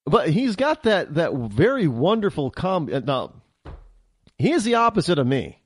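A man hosting a political talk show, giving an animated opinion monologue and often repeating and restarting his words. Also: fairly high pitch, normal speed, slightly rough, no echo, clean studio sound.

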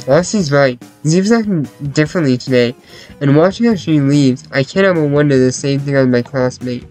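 A man reading a visual novel aloud as its first-person hero, laid-back and deadpan, over faint music. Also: on the high side, normal speed, poor audio.

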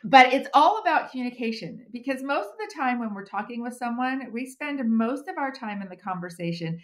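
Speaking fairly quickly in a high, sing-song voice, this middle-aged American woman is an HR consultant guesting on a podcast. Her conversational interview style is humorous and self-mocking, packed with fillers.

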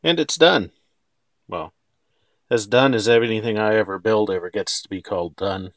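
Man, low voice, wry, self-deprecating, casual hobby build commentary, dry close sound. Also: no room sound. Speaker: scale model builder.

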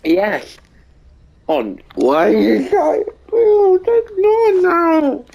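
A female player chatting through a video game match, excitable, with loud exclamations and laughter. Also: very high voice, drawn-out words, muffled recording. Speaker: gamer. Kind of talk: casual gaming banter.

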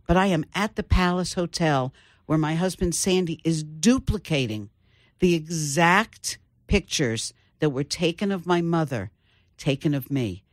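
An older woman, an author, telling her family story in an interview with thoughtful pauses. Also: sits low, no echo, clean studio sound. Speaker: author guest. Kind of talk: interview conversation.

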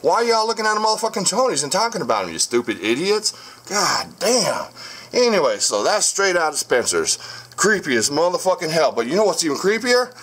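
A man's voice: high voice, very animated, fairly quick, a bit bright. Profane, combative man talking to the camera. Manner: profane, combative, addresses commenters directly. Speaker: channel host showing haunted dolls. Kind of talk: casual vlog monologue. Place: home room with dolls and crib. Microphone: camera on a stand.

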